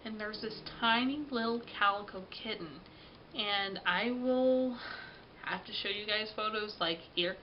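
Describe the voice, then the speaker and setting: A woman's voice: mid-range voice, a little slow, lo-fi sound, a little hiss or hum. A woman vlogger telling a story in a rambling, chatty way, sounding sniffly and tired. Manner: rambling, chatty, with many fillers. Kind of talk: casual storytelling vlog.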